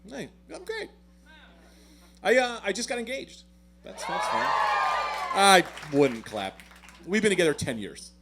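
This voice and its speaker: High, lively male stand-up comic. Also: measured pace, long pauses. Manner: animated, self-deprecating storytelling with loud swings. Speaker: stand-up comedian. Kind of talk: stand-up comedy set.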